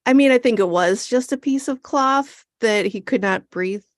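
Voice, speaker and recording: A woman co-hosting a podcast in casual chat, animated and quick to laugh as she recaps scenes. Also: a little high, no echo, studio quality. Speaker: podcast co-host.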